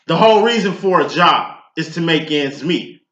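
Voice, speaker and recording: A man's voice: on the high side, big pitch swings, moderate pace, a bit bright. A man giving a casual tarot reading, talking in a blunt, profane, preachy way. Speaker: tarot reader. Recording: echoey room, dull lo-fi sound.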